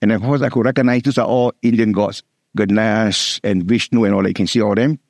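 A middle-aged man with a Singaporean English accent, preaching a sermon, repeating key words and slowing down to stress scripture. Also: lowish voice, steady tone, darkish tone, dry recording.

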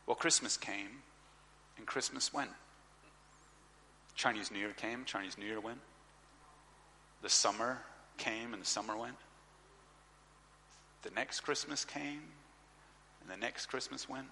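A male preacher tells a personal story from the stage, jumping into lively voices for the people in it. His tone is bright and forward, and the sound rings with the long reverb of a large hall. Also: mid-range voice, measured pace, pauses often, slight background noise. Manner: animated storyteller, acts out dialogue. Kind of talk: sermon storytelling.

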